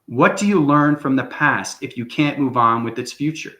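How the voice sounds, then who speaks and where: A man's voice: medium pitch, normal speed, bright, forceful tone. A man giving an unscripted spiritual monologue as channel host, rambling and tagging lines with "okay?". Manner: rambling, repeats "okay?" often. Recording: echoey room.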